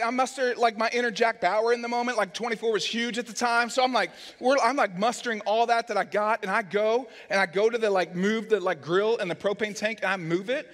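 In a large church hall with long reverb, a high-pitched, somewhat bright male pastor speaks briskly. His sermon features a self-mocking story in which he acts out the different voices.

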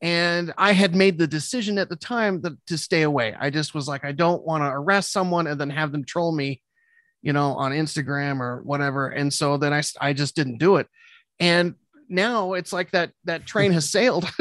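A man's voice: high-pitched, normal speed, fairly bright tone, no room sound, studio quality. A middle-aged man, a police officer, chatting casually on a video call, joking and laughing often. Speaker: guest co-host, police officer. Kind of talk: casual chat. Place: home.

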